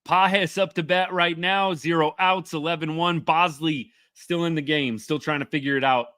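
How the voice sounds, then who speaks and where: A man's voice: fairly high pitch, steady tone, normal speed, a bit bright, no room sound, clean studio sound. A man hosting a casual live reaction stream, chatty and upbeat as he reads viewer comments. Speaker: livestream host.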